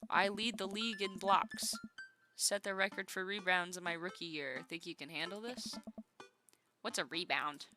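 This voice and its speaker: A woman's voice: fairly low pitch, moderate pace. A woman streamer reading a story game aloud in a playful, chatty way. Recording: game music behind.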